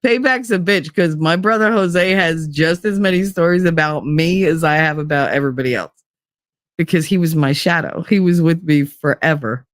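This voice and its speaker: A woman's voice: low voice, no room sound, clean studio sound. A middle-aged woman vlogging in casual chat, blunt and profane as she tells stories from home life. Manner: blunt, profane, animated storytelling.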